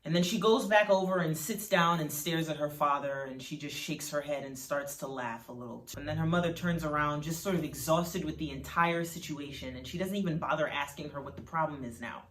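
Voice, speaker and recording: A woman narrates a story in a relaxed, conversational way, dropping in "you know" as she goes. Her voice is low. The room echoes and the mic sits at a distance. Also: brisk, few pauses. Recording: roomy sound from a distant mic.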